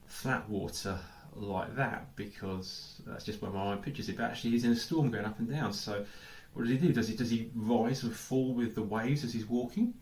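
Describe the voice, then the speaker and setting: A man's voice: on the low side, normal speed, few pauses, darkish tone. An English man giving a sermon as pastor, thinking aloud with lots of questions and repeated "I don't know"s. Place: church hall. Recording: echoey church hall.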